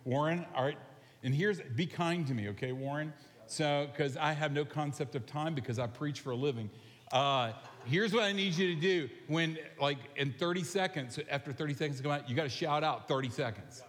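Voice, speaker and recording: A man's voice: on the high side, normal speed. Conversational man preaching in a reverberant hall. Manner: animated, conversational, asks the congregation questions. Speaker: pastor. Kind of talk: sermon. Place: large church sanctuary. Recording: long reverb of a large hall.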